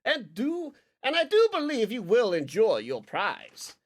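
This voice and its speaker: A man's voice: sits high, wildly swooping pitch, a little slow, pitched above the performer's own voice, exaggerated voice. A man voicing a pompous, well-groomed noble who speaks fussily, formally and apologetically. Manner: fussy, apologetic and overly formal.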